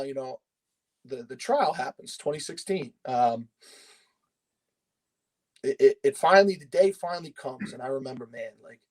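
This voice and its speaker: A man in his thirties from Pennsylvania appears as a podcast guest, his mid-range voice darkish in tone and the recording rough. He tells his story loosely and casually, rambling with lots of fillers and swearing freely and often.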